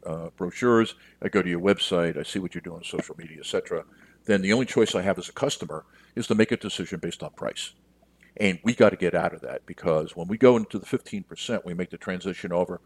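A man with a very low voice talks straight to his listeners like a business coach, plain and practical. He is middle-aged and speaks in a loose, conversational podcast manner. The sound is dry and close, with no room around it. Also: husky, no echo. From United States. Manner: direct, conversational, addresses listeners as you. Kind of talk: podcast monologue.

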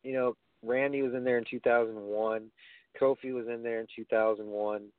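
A man's voice: mid-range voice, steady tone, normal speed, smooth, no room sound. A man co-hosting a casual wrestling talk show, giving blunt opinions with swearing and frequent restarts. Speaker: wrestling podcast co-host. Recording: phone-like, dry.

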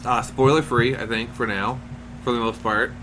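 A man's voice: mid-range voice, fairly even intonation, moderate pace, a bit bright. A male podcast host chats in a loose, joking way, running down the show ahead. His voice sits in a middle register. Faint noise hums under him. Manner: jokey, rambling. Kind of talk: casual podcast chat.

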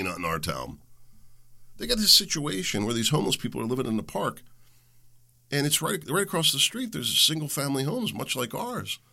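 A man's voice: medium pitch, creaky, bright, forceful tone. A man hosting his own talk show, ranting in an angry opinion monologue and mocking the people he quotes. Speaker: podcast host.

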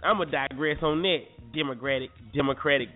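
A man's voice: medium pitch, fairly quick, soft background music. A man hosting a casual morning radio show, laid-back and teasing, talking in slang. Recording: lo-fi phone-like sound.

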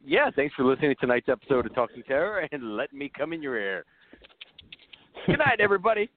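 A man's voice: a little high, big pitch swings, quick pace, dry recording. Giggly laid-back male co-host. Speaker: podcast co-host. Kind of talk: casual chat. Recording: phone-like call audio with faint noise.

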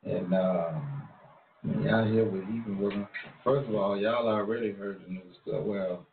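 A Long Island, New York man hosts a casual, slangy street-talk monologue in a laid-back drawl. His voice sits lowish and his pace is measured. The audio carries a little hiss or hum, with an echoey room heard over a tinny, phone-like line.

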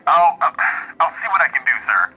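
A man's voice: on the high side, sing-song, fairly quick, bright, forceful tone, slightly rough, soft background music, pitched above the performer's own voice, exaggerated voice, poor audio. A man voicing a nervous, fawning fat male casino cashier who speaks stiffly and formally. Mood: prim. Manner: stiff, overly formal, calls everyone sir. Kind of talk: audiobook character voice.

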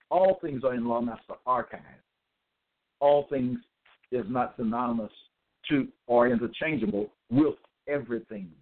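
A man giving a religious monologue with scripture readings, emphatic and repetitive, stressing words slowly. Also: medium pitch. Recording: tinny phone-like audio.

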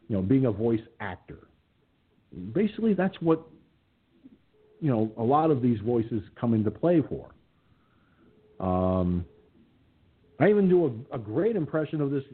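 A man's voice: mid-range voice, breathy edge. A man hosting an internet radio show, chatting casually and rambling with plenty of fillers. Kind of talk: casual chat. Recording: phone-like lo-fi line.

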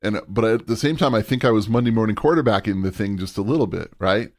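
Middle-aged guy hosting, lowish voice, laughs a lot and acts out quotes while telling stories. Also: quick pace, no echo, clean studio sound. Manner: animated storyteller, laughs often, acts out quotes. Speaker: podcast host. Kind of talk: casual interview storytelling.

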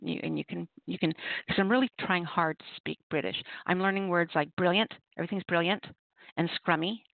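A woman hosts a poetry radio show, chatting in a loose, rambling way and laughing often. Her voice has a gravelly, creaky edge. It comes through a tinny, dry phone line. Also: lowish voice, brisk, dry recording. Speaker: host of an open mic poetry radio show. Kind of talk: casual talk giving poetry prompts.

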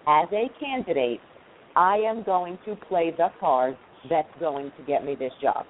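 A deep-voiced woman with a New York accent makes her points emphatically and insistently. Her voice comes through a tinny, phone-like line. A faint hiss sits beneath it. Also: animated, unhurried. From Queens, New York. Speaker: recruiting panelist. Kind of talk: casual panel discussion.

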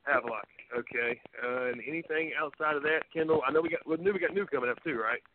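A man's voice: fairly high pitch, fast. A man, a wrestling guest, chatting in an easygoing, jokey way and checking details with his partner. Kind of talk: casual interview chat. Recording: phone-like with faint noise.

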